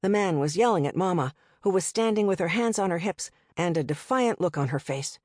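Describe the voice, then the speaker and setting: An audiobook narrator reads a first-person text at a measured, even pace in a voice somewhat low for a woman. The recording is close and dry, without any room sound or echo.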